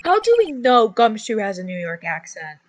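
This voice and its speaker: A woman's voice: medium pitch, sing-song, normal speed. A woman co-hosting a let's play, answering with dry, short quips in casual chat. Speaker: co-host.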